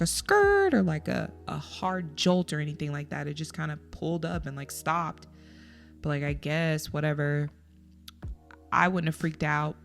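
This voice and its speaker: Gravelly low-voiced woman telling a story. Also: a little mellow. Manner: chatty, rambling, heavy use of "like". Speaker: podcast host. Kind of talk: casual solo podcast storytelling.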